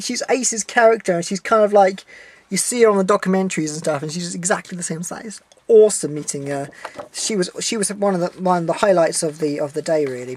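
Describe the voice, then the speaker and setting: A young man vlogs casually to camera from a room at home, his voice sitting high in a dry recording. He rambles animatedly, often stumbling over his words and starting again, and swears freely when he gets worked up.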